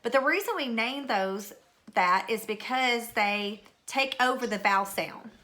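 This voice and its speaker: A woman's voice: on the high side, measured pace, bright, forceful tone. A middle-aged woman teacher recording a spelling lesson at home, patiently calling out words and spelling them letter by letter.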